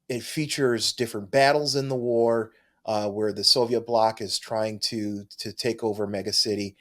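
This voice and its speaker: A man's voice: on the low side, fairly bright tone. A man co-hosting a comic book podcast, chatting casually and enthusiastically with frequent restarts. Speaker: podcast co-host. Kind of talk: casual chat.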